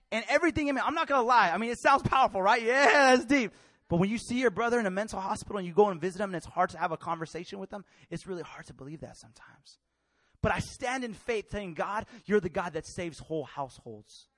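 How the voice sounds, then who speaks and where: High-voiced passionate young male preacher. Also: no echo, clean studio sound. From Mexican family. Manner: passionate, swings from loud to hushed. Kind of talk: sermon.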